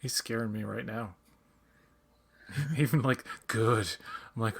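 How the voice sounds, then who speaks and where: A man's voice: mid-range voice, fairly bright tone. Rambling man with a light Newfoundland accent. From Newfoundland, Canada. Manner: rambling, self-deprecating, quick to laugh. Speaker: podcast guest. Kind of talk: casual fan commentary chat.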